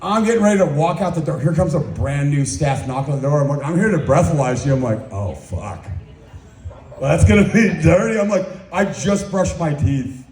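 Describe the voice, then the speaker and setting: Stand-up comic, young man, rambling and crude, mellow tone, roomy club sound. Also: fairly high pitch, expressive, fairly quick. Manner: crude, rambling, self-mocking storytelling. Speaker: stand-up comedian. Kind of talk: stand-up set.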